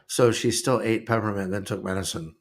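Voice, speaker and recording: A man co-hosting a casual podcast chat, telling stories in a lively way. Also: on the low side, brisk. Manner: lively storyteller, raises his voice when acting out scenes. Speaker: podcast co-host.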